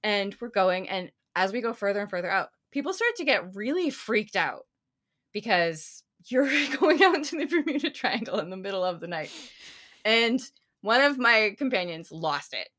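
A talkative woman tells rambling stories as a podcast co-host. Her pitch swings widely as she talks, and her voice has a bright, sharp edge. She keeps the chat casual and full of tangents. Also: big pitch swings, moderate pace. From United States. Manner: chatty, rambling storyteller.

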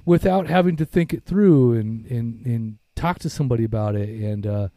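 A man's voice: mid-range voice, moderate pace, mellow, dry recording. Candid, rambling middle-aged man, dry sound. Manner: candid, profane, rambling with many fillers. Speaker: podcast co-host. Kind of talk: casual recovery podcast talk.

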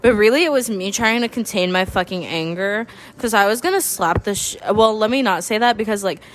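A woman's voice: mid-range voice, fairly quick. A tipsy young woman joking as a mock news anchor, rambling and profane, often losing her thread. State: tipsy from drinking. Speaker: student friend.

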